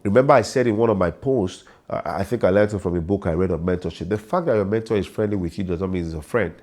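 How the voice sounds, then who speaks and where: A man's voice: sits low, fast talker, a little mellow. A middle-aged man, an MC and comedian giving informal, repetitive career advice full of sayings. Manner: informal, repetitive, preachy with proverbs. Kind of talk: casual advice monologue.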